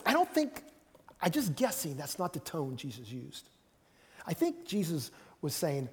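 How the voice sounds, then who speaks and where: High-voiced preacher in a reverberant hall. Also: male voice, wildly swooping pitch, unhurried, breathy edge. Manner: conversational, repeats phrases, acts out quotes. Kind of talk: sermon.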